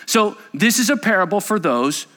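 Male pastor mid-sermon; emphatic, joking delivery, bright forceful tone, wide swings in pitch. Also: lively intonation, moderate pace, big-room sound.

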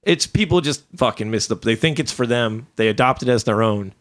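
A man's voice: mid-range voice, a little fast. A man hosting a podcast, ranting in casual chat with lots of swearing and sudden outbursts. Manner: animated profane ranting. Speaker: podcast host.

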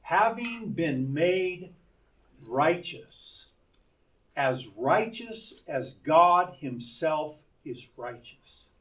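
Slow, distant male Bible teacher. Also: on the high side, lively intonation, fairly bright tone. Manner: explains by posing rhetorical questions. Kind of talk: Bible lesson.

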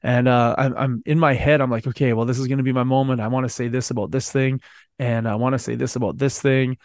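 A man co-hosts a podcast in loose casual chat. He swears freely, laughs through his own anecdotes and rambles from one tale to the next. His voice sits at an ordinary pitch and is recorded close and dry. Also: flat delivery, fast, dry recording. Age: adult. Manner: profane, storytelling, laughs often. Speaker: podcast co-host.

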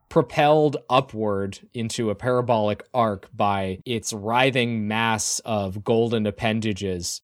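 A man narrating vividly and wryly as game master of a tabletop game. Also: mid-range voice.

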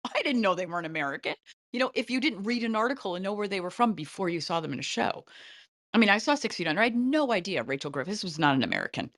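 A middle-aged woman casting director giving animated, chatty advice in an interview, often breaking into light laughs. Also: mid-range voice, fast talker, no echo, studio quality.

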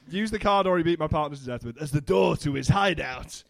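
A man's voice: on the high side, brisk, gravelly. A man voicing a hot-headed male duck detective out for vengeance, talking in outbursts and exclamations. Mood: puzzled.

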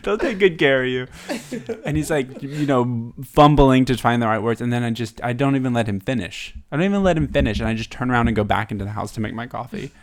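Man, casual chat, storytelling, laughs easily, mid-range pitch. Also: fast talker, hardly any pauses.

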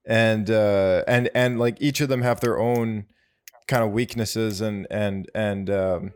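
A man's voice: on the low side, steady tone, takes it slowly, clear, resonant tone. A man co-hosting a casual talk show, easygoing and stumbling over restarts. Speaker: podcast co-host. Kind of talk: casual chat.

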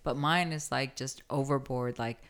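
A woman with a low voice, talking in a casual chat. She is animated and emphatic and swears freely as she goes. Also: normal speed.

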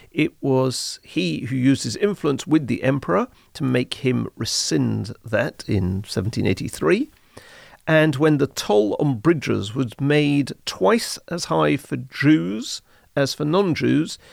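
A man, explaining history in a measured, informative podcast conversation. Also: mid-range voice, gravelly, dry recording, clean studio sound. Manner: measured, informative, uses Hebrew terms. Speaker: history podcast guest expert.

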